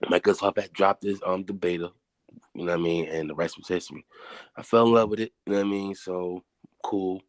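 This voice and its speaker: A man's voice: deep voice, steady tone, brisk, no echo. A man chatting on a podcast in a laid-back, slangy, profane way. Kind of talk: casual chat.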